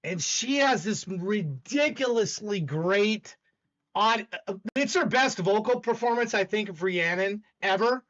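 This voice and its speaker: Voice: medium pitch, expressive, measured pace, a bit bright, highs cut off. A live-stream music show host chatting casually while reviewing songs, gushing and rambling with many restarts.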